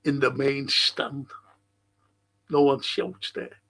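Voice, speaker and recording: A man's voice: medium pitch, completely flat delivery, slow, sharp tone. An older man hosting a podcast, chatting in a rambling way and answering listener messages. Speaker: podcast host. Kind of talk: casual chat reading listener messages.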